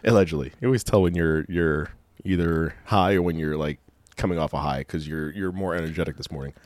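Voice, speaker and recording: A man with a very deep voice rambles through a casual podcast chat, laughing often and trading playful jabs. The sound is dry and close with no room in it. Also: a little fast, darkish tone, no echo. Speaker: podcast co-host.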